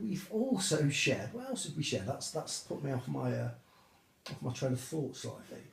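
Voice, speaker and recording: A man leaving a mock-sincere comic video message for a coworker, teasing him in a deadpan voice with drawn-out pauses. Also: medium pitch, gravelly, slight background noise. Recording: roomy echo.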